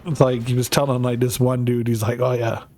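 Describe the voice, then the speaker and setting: A man's voice: medium pitch, little pitch movement, brisk, a little mellow. A man chatting casually on a stream, rambling through stories, laughing and swearing freely. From North America. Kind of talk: casual chat while streaming.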